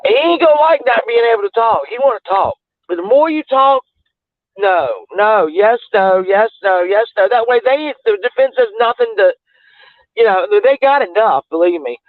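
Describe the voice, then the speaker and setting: High-voiced rambling man. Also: animated, a little fast, no echo. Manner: chatty, rambling, greets viewers. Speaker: livestream host. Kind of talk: casual chat commentary. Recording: tinny phone-like, dry.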